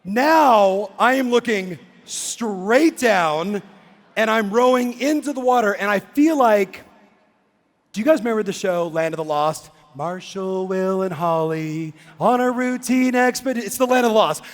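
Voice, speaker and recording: A man giving an animated keynote talk in a big conference hall, acting out a story and breaking into shouts. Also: sits high, a little slow. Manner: excitable, acts out the scene and shouts. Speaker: real estate coach and keynote speaker. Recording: long reverb in a big hall.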